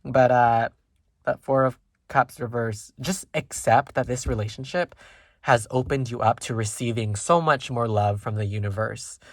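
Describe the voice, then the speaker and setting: A tarot reader giving a casual pick-a-card reading, rambling with many ums and likes while thinking aloud, gentle and reassuring toward viewers. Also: mid-range voice, normal speed, no echo, clean studio sound.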